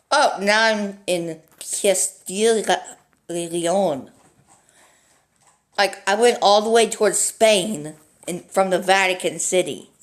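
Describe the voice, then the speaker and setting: Note: the speaker may be a child, based on the line "Jackson, are you recording?" and the mention of his dad. A rambling, slow-talking young male gamer. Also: high voice. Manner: rambling and easily sidetracked, full of "like". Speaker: gaming commentator. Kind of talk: casual game commentary. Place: at home.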